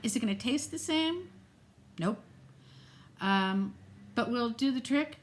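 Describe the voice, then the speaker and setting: A middle-aged woman chatting casually in a home vlog, animated and quick to laugh. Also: on the high side, noisy background. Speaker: vlogger. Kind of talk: casual chat.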